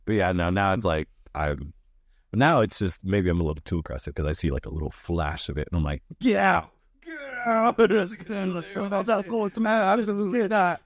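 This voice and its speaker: A man co-hosting a podcast in casual chat, laughing often and acting out quoted lines in higher voices. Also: sing-song, a little fast, no room sound. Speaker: podcast co-host.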